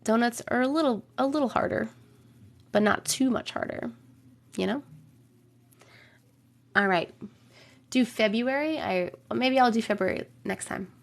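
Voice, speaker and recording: A woman with a fairly high voice hosts a casual live stream from her room. She chats loosely with her viewers, swears in passing, and reads their strange stories aloud with plenty of her own reactions. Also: unhurried, long pauses. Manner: chatty, swears casually, laughs and reacts while reading. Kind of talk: casual live-stream chat and story reading. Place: home room, alone.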